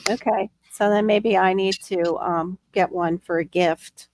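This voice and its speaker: A woman hosting a casual chat, talkative and quick to gasp. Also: medium pitch, steady tone, a little mellow, slight background noise. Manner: chatty, gardening talk, quick gasps. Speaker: host.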